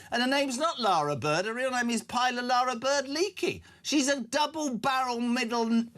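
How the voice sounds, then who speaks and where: A man hosting breakfast talk radio, excitable and chatty, tripping over his words. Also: high-pitched. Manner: excitable, chatty, stumbling restarts. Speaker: radio host.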